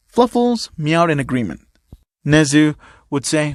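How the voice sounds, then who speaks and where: A man reading a fan story aloud in a casual, unpolished way, dropping in the odd filler. His voice sits slightly high for a man. The recording is close and completely dry. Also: lively intonation, normal speed, no echo. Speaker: fan fiction narrator.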